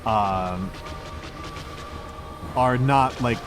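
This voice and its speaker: Drawing out his words in a mid-range voice, an American man casually chats with viewers on his stream. He rambles, pokes fun at himself, and restarts often, with music behind him.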